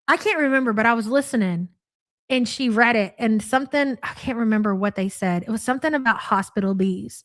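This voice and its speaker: Young woman, Louisville accent, reaction-stream host; blunt, profane, sarcastic delivery, pitched a bit high. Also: no room sound, clean studio sound. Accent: Louisville Kentucky. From Louisville area, USA. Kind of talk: live-stream reaction commentary, reading chat.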